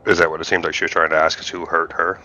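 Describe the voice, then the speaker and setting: Deep, sharp-toned hesitant male player. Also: level tone, dull audio. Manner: hesitant, many pauses. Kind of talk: tabletop game play, partly in character.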